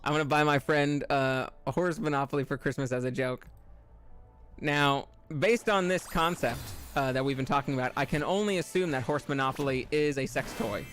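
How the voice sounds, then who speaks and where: A male streamer casually chatting with his viewers while playing a platformer game, reading messages aloud and breaking into loud, high laughing fits. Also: moderate pace, faint music behind. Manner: reads chat aloud and reacts with loud, high laughing outbursts. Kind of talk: live game stream chat.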